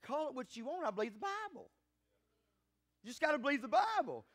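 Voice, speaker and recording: A man preaching a sermon as pastor, fervent and calling for responses from the congregation, rising to loud emphatic peaks. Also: very high-pitched, big pitch swings, brisk.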